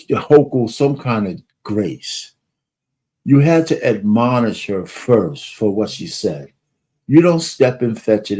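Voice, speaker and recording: A man's voice: mid-range voice, mellow. A man hosting a political podcast, commenting bluntly and emphatically between played clips. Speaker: podcast host.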